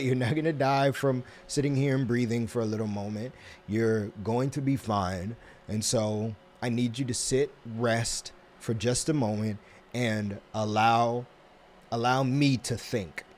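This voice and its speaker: A man hosting a casual self-help talk, rambling with many restarts and fillers, and acting out little scenes with quick put-on voices. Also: mid-range voice, slight background noise. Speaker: host.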